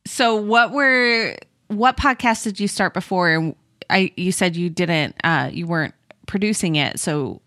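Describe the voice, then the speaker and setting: A woman hosting a podcast in casual chat, friendly and quick to laugh as she thinks aloud. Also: fairly low pitch, bright, forceful tone, dry recording, studio quality. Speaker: podcast host.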